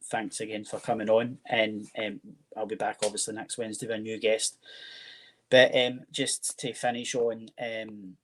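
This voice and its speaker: Low, even-toned Scottish host. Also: male voice, moderate pace, slight background noise, low-quality recording. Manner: friendly, often repeats "as I say". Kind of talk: casual interview hosting.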